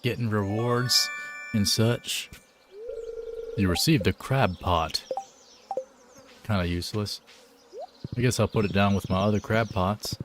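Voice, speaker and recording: A man's voice: lowish voice, unhurried, pauses often, noisy background. A man chatting casually on a live game stream, laid-back and joking, full of slang.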